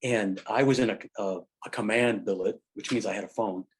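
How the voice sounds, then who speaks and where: A middle-aged man and military veteran in casual conversation, telling stories in a halting way full of fillers and restarts. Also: lowish voice. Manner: rambling anecdotal storyteller.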